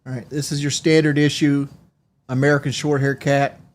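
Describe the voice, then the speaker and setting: A man's voice: mid-range voice, little pitch movement. Rambling, profane male streamer. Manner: rambling, profane, quick to laugh. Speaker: game streamer. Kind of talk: casual livestream chat.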